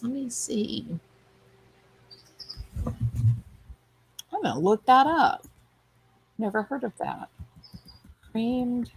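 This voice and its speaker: Slow chatty woman host. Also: medium pitch, vocal fry, a little hiss or hum, poor audio. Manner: chatty, reads viewer comments aloud. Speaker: livestream host reading chat. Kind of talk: casual chat.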